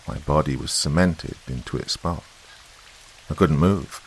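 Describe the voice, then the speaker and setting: A man tells a horror story in a slow, hushed manner, his voice extremely deep and gravelly. Faint rain and hiss sit underneath the narration.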